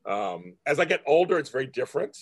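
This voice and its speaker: A man in his fifties from California, hosting a casual chat and talking in a rambling, halting way with many restarts. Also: a little high, big pitch swings, husky. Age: 50s. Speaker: host.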